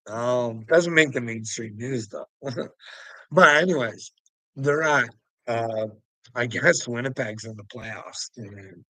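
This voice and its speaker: A man's voice: mid-range voice, pushed and bright, no room sound, poor audio. A man ranting in a rambling video monologue, agitated and swearing heavily, close to the mic. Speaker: religious video commentator.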